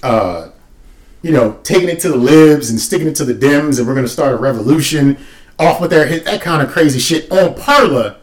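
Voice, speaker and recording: Guy on a podcast telling a story, swearing a lot, voice jumping all over, kinda high. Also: brisk. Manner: animated, profane, wry storytelling with asides. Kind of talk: casual storytelling chat.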